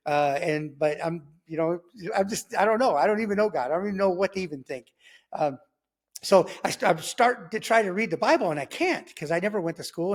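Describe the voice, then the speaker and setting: High-voiced man telling his testimony. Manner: animated, rambling, many restarts and quoted inner voices. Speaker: testimony guest. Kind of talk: personal testimony storytelling.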